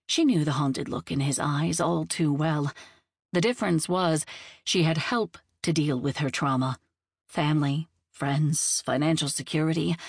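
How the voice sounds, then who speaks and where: A woman reading a novel aloud in steady, composed scripted narration. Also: low-pitched, slightly rough, dry recording, clean studio sound. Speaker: audiobook narrator.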